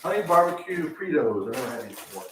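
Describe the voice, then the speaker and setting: A Southern-accented man from Georgia, USA, hosts a live home tour as a real estate agent, chatting casually and telling jokes like a chatty storyteller. His mid-range, slightly bright voice swings widely in pitch at a quick pace. Recorded inside the house, the sound is echoey with faint noise.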